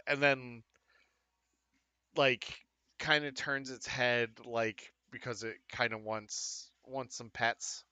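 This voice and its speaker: A man's voice: medium pitch, sharp tone, no room sound. A man narrating as game master for a tabletop game, rambling and joking at his own expense with many fillers.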